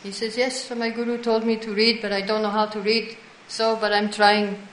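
A woman's voice: mid-range voice, level tone, moderate pace, slight background noise. A woman teaching a devotional class, retelling stories with quoted dialogue and answering listeners. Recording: echoey room.

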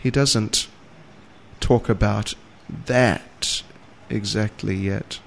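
A man's voice: lowish voice, steady tone, drawn-out words, vocal fry, slight background noise. A man giving a scriptural lecture, retelling a story and reading verses with rising emphasis, with light chuckles. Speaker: spiritual teacher.

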